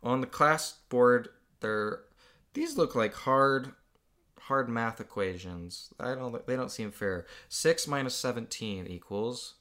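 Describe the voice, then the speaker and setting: Young male host, bright forceful tone, chuckles through his own kid-written story. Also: mid-range voice, slow. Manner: amused, laughs often while reading. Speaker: host reading aloud his own childhood comic book. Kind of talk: casual chat.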